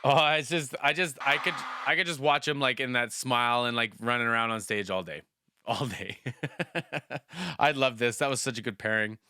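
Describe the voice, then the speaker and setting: A man's voice: mid-range voice, moderate pace, sharp tone, smooth, dry recording. A man hosting a music reaction video, chatting casually and enthusiastically with a rambling flow of fillers.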